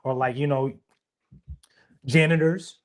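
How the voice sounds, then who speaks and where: A man's voice: medium pitch, fairly even intonation, takes it slowly. A young man, co-hosting a podcast in casual, emphatic conversation and often repeating himself. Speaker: podcast co-host.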